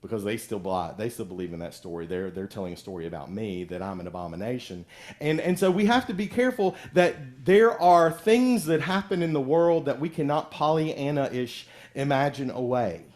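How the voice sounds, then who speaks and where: A man's voice: medium pitch, animated, moderate pace, a little mellow. A middle-aged male pastor giving a conversational sermon, acting out the voices of people in the story he tells.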